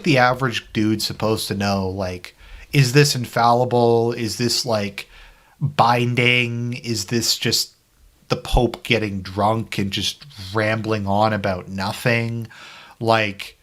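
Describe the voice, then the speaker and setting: A political commentary vlogger rambles casually about a news article, leaning heavily on fillers and sarcastic asides. His voice is medium-pitched with a fairly bright tone.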